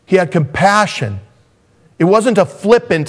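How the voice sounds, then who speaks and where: A man preaching a sermon as a pastor, swinging from raised, intense passages down to hushed, soft ones. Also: mid-range voice, lively intonation, measured pace.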